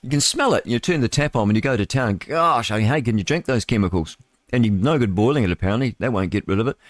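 A man's voice: mid-range voice, lively intonation, quick pace, dry recording. A man hosting live talk radio, reading the news and rambling about it with chuckles, mock voices and stumbles over the words. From New Zealand. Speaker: radio host.

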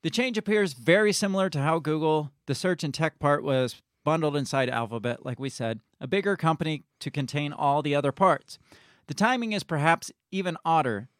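Speaking a little fast in a slightly high voice, a man co-hosts a live-streamed talk show captured in a clean studio without room sound. He reads news out loud, offers blunt opinions, and laughs and swears often.

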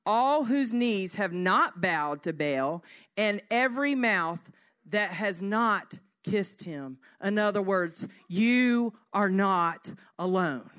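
Woman, devotional teaching, earnest, slow scripture reading, soft hushed moments. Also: mid-range voice. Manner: earnest, slows down to read scripture; drops to a soft hush. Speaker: speaker.

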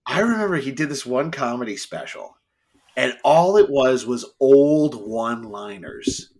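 A man co-hosting a podcast in casual chat, telling animated stories, laughing often and mimicking people's voices. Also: mid-range voice, a little slow, a little hiss or hum. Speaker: podcast co-host.

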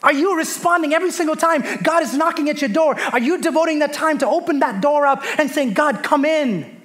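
A pastor in his thirties delivers a lively sermon in a notably high-pitched voice. He preaches with a storyteller's flair, slipping into soft, hushed voices when he acts out his children and God. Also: fast talker.

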